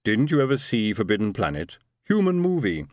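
A man's voice: fairly low pitch, very animated, a little fast, a little mellow, no echo, studio quality. A man voicing a large, easygoing female alien who rambles on in a story reading. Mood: chatty.

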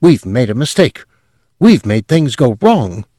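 A man's voice: medium pitch, big pitch swings, unhurried, dark tone, no room sound, clean studio sound, pitched above the performer's own voice. A man voicing a nervous, small male clerk who snaps and wails in panic. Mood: despairing. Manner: frantic, snapping and wailing.

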